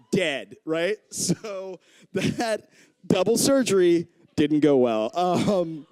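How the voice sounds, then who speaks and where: A man's voice: high voice, clean tone, no echo. A young adult man doing stand-up, telling a story and acting out the people in it. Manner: animated, acts out voices of people in his story. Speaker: stand-up comedian. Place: comedy club stage.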